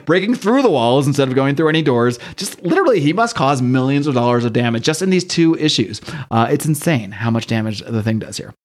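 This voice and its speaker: A man hosting a podcast, casually recapping a comic book story, rambling and laughing as he loosely voices the characters. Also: medium pitch. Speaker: podcast host.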